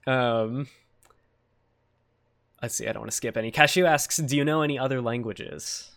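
A man's voice: mid-range voice, normal speed, fairly bright tone. An American man hosting a podcast, chatting casually, reading out listener questions with curiosity and frequent laughs. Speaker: podcast host. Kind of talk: casual interview chat.

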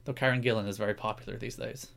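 A man's voice: lowish voice, very fast, vocal fry. A man co-hosting a casual pop-culture chat, joking around and laughing often. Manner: animated and jokey, laughs often. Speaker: podcast co-host.

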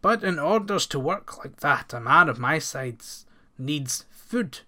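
A giant young farmhand speaks with calm, easy assurance and a hint of slyness, as a man puts him on in a storybook reading. The voice stays close to the reader's own, a touch high for a man. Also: takes it slowly, exaggerated voice. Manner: calm, quiet, archaic speech.

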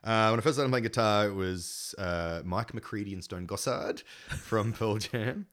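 With a fairly low pitch and a measured pace, a man who plays music recounts stories during an informal chat. He's animated, swears liberally, and acts out the quotes himself.

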